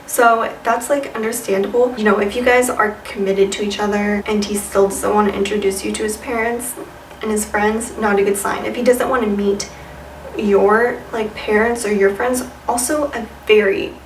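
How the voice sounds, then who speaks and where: Steady in tone and moderate in pace, a young woman with a medium-pitched voice offers sassy, chatty dating advice to camera, leaning on "like" and "you know." As a vlogger, she's in a room with a white wall, and the distant mic picks up an echoey room and slight background noise.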